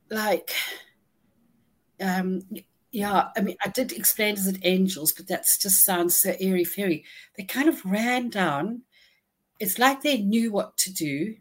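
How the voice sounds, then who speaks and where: A woman recounting a personal ordeal in an interview, halting and restarting often, audibly shaken but holding herself together. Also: mid-range voice. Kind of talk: emotional first-person storytelling.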